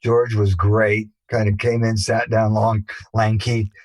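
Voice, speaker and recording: An older man, a musician guest, telling rambling anecdotes in a relaxed interview, with many fillers and restarts. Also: fairly low pitch, a little slow, no room sound, rough recording. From England.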